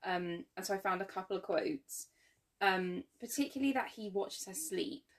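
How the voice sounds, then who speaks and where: A woman's voice: medium pitch, moderate pace. A young woman co-hosting a podcast in casual chat, talking freely with frequent laughs and fillers. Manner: chatty, laughs often, many fillers. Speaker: podcast co-host.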